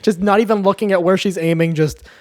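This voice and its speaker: A man's voice: high-pitched, fairly even intonation, fast talker, heavy background noise. Chatty, cussing young man recapping a film. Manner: chatty, profane, tags lines with "right?". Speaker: movie reviewer. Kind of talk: casual movie recap.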